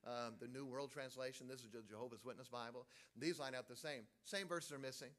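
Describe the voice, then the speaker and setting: A man's voice: mid-range voice, brisk, a bit bright. A man preaching a sermon to a congregation in a church, conversational, with frequent fillers, emphatic rhetorical questions and calls for the audience to answer.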